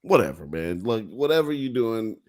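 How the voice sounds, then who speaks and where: A man's voice: fairly low pitch, very animated, moderate pace. A man hosting a casual late-night podcast, talking in loose, profane slang and often laughing. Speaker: podcast host.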